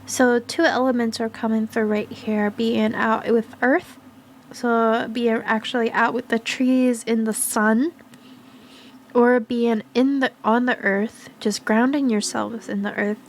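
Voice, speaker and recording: Soft-spoken woman reading oracle cards. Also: fairly high pitch, slight background noise. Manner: soft, slow, affirming, with pauses and fillers. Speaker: tarot and oracle card reader. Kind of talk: gentle spiritual card reading.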